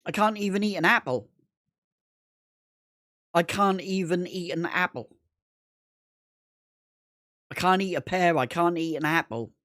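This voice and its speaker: A man's voice: high-pitched, a bit bright, no room sound, studio quality. A man chatting casually on a gaming livestream, rambling, repeating himself and swearing constantly. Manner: rambling, repetitive, heavy swearing.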